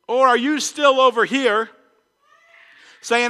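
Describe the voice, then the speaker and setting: A male pastor preaching an earnest sermon, swinging between emphatic points and hushed asides. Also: high-pitched, normal speed, in a large hall. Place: church.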